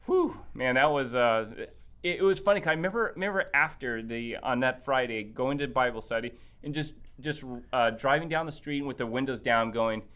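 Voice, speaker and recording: A man of ordinary pitch, a podcast guest, tells a story in relaxed conversation. He is animated and plays out each quoted exchange himself. He stumbles through frequent restarts and fillers as he goes. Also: moderate pace. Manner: animated, acts out quoted dialogue. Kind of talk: casual storytelling chat.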